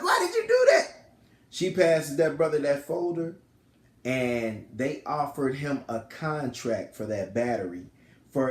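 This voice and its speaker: A man casually recapping a film plot in animated storytelling style, full of slang. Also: fairly high pitch. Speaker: film reviewer. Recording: roomy echo.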